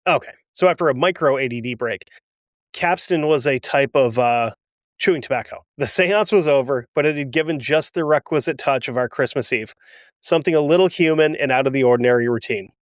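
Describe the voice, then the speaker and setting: A man's voice: medium pitch, fairly quick, no echo, clean studio sound. A man hosting a history podcast, reading aloud a first-hand wartime account and breaking off for emotional, self-deprecating asides. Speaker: podcast host.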